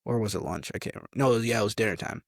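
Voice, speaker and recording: A man's voice: fairly low pitch, racing, creaky, no echo, clean studio sound. A young man in his twenties, an army soldier telling stories in a casual interview, rambling with restarts and acting out quotes.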